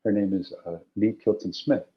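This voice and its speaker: A middle-aged man, a guest actor, telling stories in an animated, anecdotal way during a casual interview. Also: on the low side, moderate pace. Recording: dull lo-fi audio.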